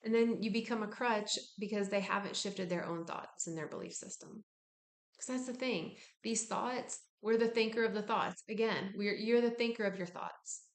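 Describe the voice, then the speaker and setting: Frank, relaxed woman in an echoey room. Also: mid-range voice, normal speed. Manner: relaxed, frank, casually profane. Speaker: wellness speaker. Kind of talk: casual self-help talk.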